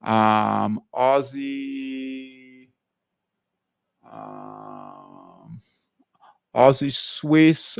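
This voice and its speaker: Slow, gravelly man walking through charts. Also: mid-range voice, a little mellow, no echo, studio quality. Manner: halting, repeats "all right" between currency pairs. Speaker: trading show host. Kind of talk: live trading class, chart walkthrough.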